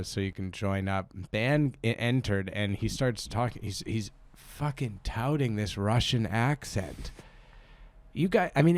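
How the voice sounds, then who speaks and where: A man co-hosting a comedy podcast, rambling and excitable, swearing casually as he reads listener suggestions. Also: fairly low pitch, no room sound. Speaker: podcast co-host.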